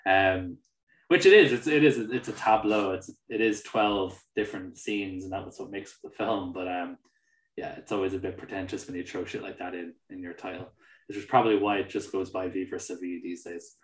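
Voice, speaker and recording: Lively low-voiced man in a roomy space. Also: moderate pace. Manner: animated, swears freely, acts out mocking quotes. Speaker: podcast co-host. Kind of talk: casual film discussion.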